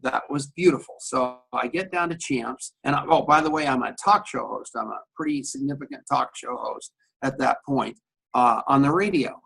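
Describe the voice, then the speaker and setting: A man's voice: medium pitch, moderate pace, vocal fry, a bit bright, husky, low-quality recording. A middle-aged man, a radio talk show host, telling a long anecdote on camera in a coffee shop and acting out both sides of the conversation. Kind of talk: storytelling on camera.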